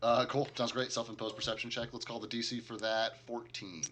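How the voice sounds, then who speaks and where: A man's voice: medium pitch, flat delivery, fairly quick, fairly bright tone. A man narrating a tabletop game as game master, talking casually with many fillers and chuckles.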